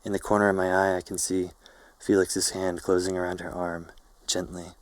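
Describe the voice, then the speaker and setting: A man narrating a novel in a calm, measured, literary reading. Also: low voice, no room sound. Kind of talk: audiobook-style novel reading.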